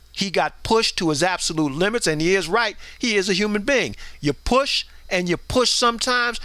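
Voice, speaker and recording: Blunt, preachy man with a bright high voice. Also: no echo. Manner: preachy, blunt and emphatic, acts out voices in stories. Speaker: commentary show host. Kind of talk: opinion commentary monologue.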